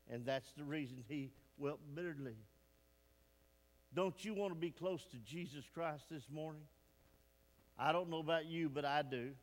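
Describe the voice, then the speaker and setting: Slow-preaching pastor, echoing sanctuary. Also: male voice, on the high side, a bit bright. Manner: folksy, emphatic, asks the congregation questions. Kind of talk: sermon. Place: church sanctuary. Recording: long hall reverb.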